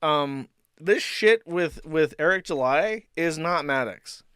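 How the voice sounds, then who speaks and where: A man's voice: on the high side, expressive, slow pace, fairly bright tone, clean tone, dry recording, clean studio sound. Sardonic, profane male streamer. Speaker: streamer host. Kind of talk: livestream commentary.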